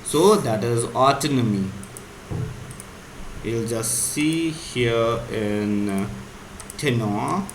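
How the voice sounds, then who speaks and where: A man's voice: mid-range voice, drawn-out words, pauses often. A man teaching vocabulary casually, explaining words and spelling them out. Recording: echoey room, faint hum.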